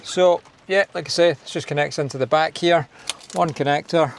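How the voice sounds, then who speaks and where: A man's voice: fairly high pitch, moderate pace, vocal fry, a little hiss or hum. Chatty Scottish man doing a car install. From Scotland. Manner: chatty, self-deprecating, thinking aloud while working. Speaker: car DIY video host. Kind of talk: casual install walkthrough. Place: inside a parked car.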